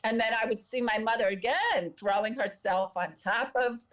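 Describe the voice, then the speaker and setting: A woman's voice: a little high, expressive, moderate pace, fairly bright tone. A woman guest telling a personal story in an interview, in an earnest, emotional way, acting out the voices of the people she quotes. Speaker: podcast guest.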